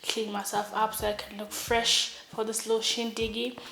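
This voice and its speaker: Young woman, casual comic storyteller, lively and playful, recorded in a roomy space. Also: on the high side, normal speed, gravelly. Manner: animated, acts out every voice in her story. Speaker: vlogger. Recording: roomy echo.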